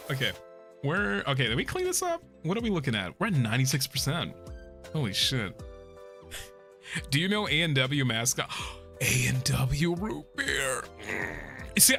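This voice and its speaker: A young man chatting casually while streaming a game, excitable and profane, laughing often and bursting into shouts. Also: mid-range voice, moderate pace, long pauses. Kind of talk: casual gameplay stream chat. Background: game music.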